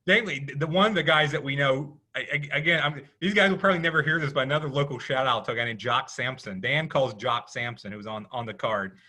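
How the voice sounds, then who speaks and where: A podcast co-host tells rambling casual stories in a pushed, bright, mid-range voice. He keeps restarting and saying "you know."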